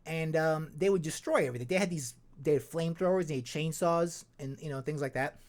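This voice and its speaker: A man's voice: fairly high pitch, brisk. A man hosting a podcast in a casual, rambling chat, with many restarts and fillers. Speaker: podcast host.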